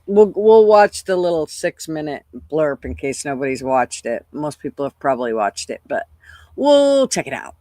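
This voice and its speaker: A woman's voice: low voice, very animated, normal speed, warm tone, dry recording, clean studio sound. An older woman hosting a casual livestream, chatting loosely, swearing freely and greeting viewers by name at her computer. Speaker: livestream host.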